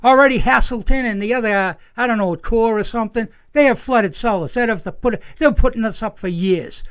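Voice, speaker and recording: A man's voice: very high-pitched, brisk, fairly bright tone, clean tone. A man speaking as a resident at a town meeting, heated and insistent, repeating himself as he argues his complaint. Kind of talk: angry public comment.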